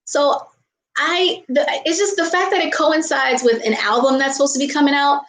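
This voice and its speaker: A woman's voice: sits high, fairly even intonation, normal speed, a bit bright, reverberant, rough recording. An American woman vlogger chatting casually with viewers, ranting in exasperation, laughing and apologizing often. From United States. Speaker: vlogger answering viewer questions. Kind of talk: casual chat.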